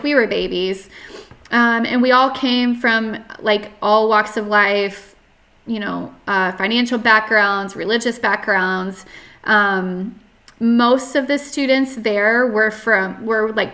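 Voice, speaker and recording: A woman's voice: fairly high pitch, takes it slowly, fairly bright tone. A young woman from North Carolina, a podcast guest telling her story in casual talk, full of "like" and restarts. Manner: chatty, many fillers and restarts, frequent "like". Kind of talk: casual interview, personal story.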